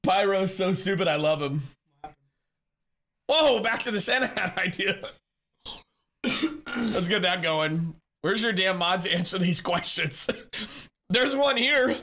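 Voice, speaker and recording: A male streamer with a high, bright, ringing voice, teasing his chat and laughing easily. He thanks viewers and reads out messages in a loose, casual way. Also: expressive, slow pace, long pauses. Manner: chatty, teasing, laughs often.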